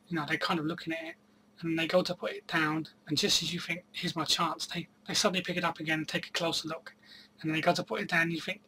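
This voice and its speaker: A man's voice: fairly high pitch, pushed and bright, slight background noise, poor audio. A man talking casually to camera about his reselling year, chatty and hesitant with many ums and restarts. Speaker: reseller vlogger. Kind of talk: casual solo vlog storytelling.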